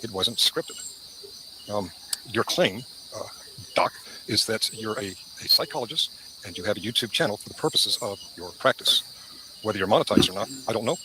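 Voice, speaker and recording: A man co-hosting a casual livestream, reading comments aloud in a brisk, dismissive way. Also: fairly low pitch, lively intonation, background noise. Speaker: livestream co-host.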